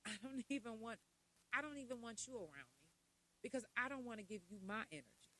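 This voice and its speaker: A woman hosting a podcast, talking candidly and casually about mental health, sometimes loud and laughing, sometimes low and quiet. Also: animated, fast, low-quality recording. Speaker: podcast host.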